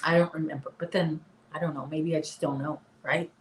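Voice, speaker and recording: A woman's voice: low voice, fairly even intonation, fairly quick, roomy sound, slight background noise, poor audio. A woman in her late forties hosting a casual live chat, talking to her viewers and her dog. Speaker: livestream host. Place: apartment room.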